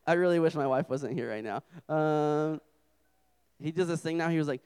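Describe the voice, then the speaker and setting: A man's voice: on the high side, steady tone, moderate pace, darkish tone, clear, resonant tone. A young adult man preaching a humorous sermon to a campus group, telling self-deprecating stories as a father. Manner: joking, self-deprecating storyteller.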